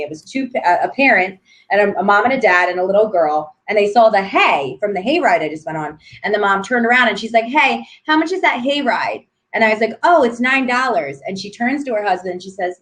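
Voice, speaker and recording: A woman entrepreneur speaks as an interview guest in a casual, chatty way. She is earnest and keeps tagging her sentences with "right?" and "you know.". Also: mid-range voice.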